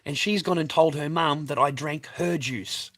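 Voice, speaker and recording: A man's voice: on the high side, normal speed, fairly bright tone. A man in middle age vents to his viewers in a long aggrieved rant. He swears freely, circles back over the same points and keeps appealing to the audience. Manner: sweary, aggrieved, repeats himself, addresses viewers. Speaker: vlogger. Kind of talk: angry personal rant to camera.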